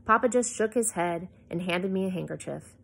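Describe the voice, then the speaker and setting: A woman reading a novel aloud in an expressive way, with small slips and asides. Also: lowish voice, normal speed, creaky, breathy edge. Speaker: reader.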